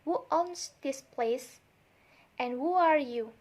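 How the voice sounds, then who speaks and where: A woman's voice: sits high, slow, a little mellow. A young woman voicing a poor, hungry orphan boy who pleads and apologizes. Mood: pleading.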